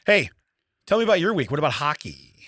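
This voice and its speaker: A man's voice: fairly high pitch, very animated, fast, fairly bright tone, no room sound, studio quality. A man co-hosting a podcast, laughing along and chiming in with short replies. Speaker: podcast co-host. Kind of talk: casual chat.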